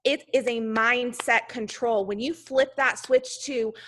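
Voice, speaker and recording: Bright, chatty woman giving a pep talk. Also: a little high, steady tone, unhurried. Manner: talkative, chatty, heavy use of "like". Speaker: team leader speaking to her sales team. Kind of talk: motivational talk.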